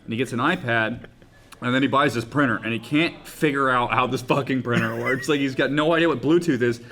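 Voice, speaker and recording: A man's voice: medium pitch, fairly quick, pushed and bright, a little hiss or hum. A man co-hosting a podcast, telling a crude story in casual banter, laughing as he goes. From small rural town. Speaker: podcast co-host.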